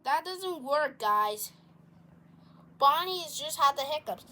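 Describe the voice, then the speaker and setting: A woman performing every part in a homemade toy skit, talking in an excitable, rambling way with many restarts. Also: sits high, takes it slowly. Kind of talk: plush toy skit, one person doing all voices.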